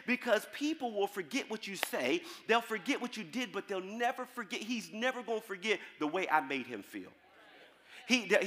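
A male pastor preaching a sermon to his congregation, calling out to the crowd, then dropping into a quiet storytelling voice. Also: high voice, in a large hall. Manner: call-and-response preaching, swings from shouting to soft storytelling. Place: large church hall.

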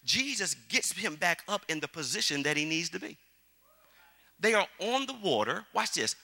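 High, bright-voiced preaching pastor. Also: male voice, sing-song, moderate pace, vocal fry. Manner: call-and-response preaching, frequent "you got it?"; swings from shouted exhortation to low storytelling. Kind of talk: sermon. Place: church sanctuary with congregation.

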